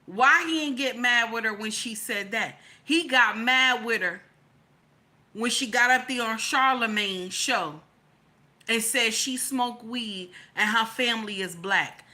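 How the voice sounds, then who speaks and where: A woman's voice: a little high, unhurried, bright, forceful tone. A woman giving casual opinion commentary, colloquial and emphatic, repeating her lines for stress. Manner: colloquial, slangy.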